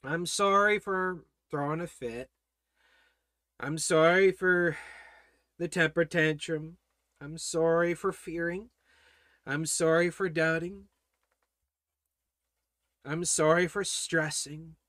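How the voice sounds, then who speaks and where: Impassioned high-voiced male Bible teacher. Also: fairly even intonation, slow pace, pauses often, no room sound, clean studio sound. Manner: impassioned preaching, swinging from loud declarations to hushed prayer. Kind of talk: Bible study sermon.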